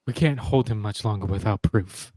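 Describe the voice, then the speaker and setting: A man's voice: on the low side, moderate pace, mellow, no room sound, pitched below the performer's own voice, natural voice. A man doing a curt, guarded young wizard. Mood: tense.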